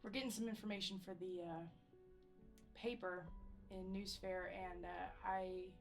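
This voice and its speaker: A woman's voice: medium pitch, steady tone, soft background music. Hesitant woman player in character. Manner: hesitant, halting. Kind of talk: in-character tabletop play.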